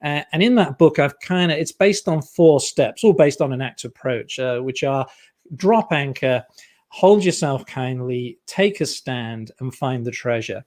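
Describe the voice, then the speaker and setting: A man, a guest psychologist and author, explaining ideas in a relaxed, chatty way with many fillers over a video call. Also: mid-range voice, unhurried. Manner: relaxed, frequent fillers, self-deprecating humour. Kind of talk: casual explanatory interview talk. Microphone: earpiece on a video call.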